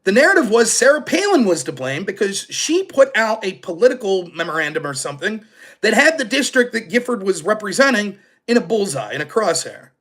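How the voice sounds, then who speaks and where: On his casual political stream, a man with a high voice talks fairly quickly. He sarcastically mocks opponents in an animated way and keeps up a conversation with his live chat.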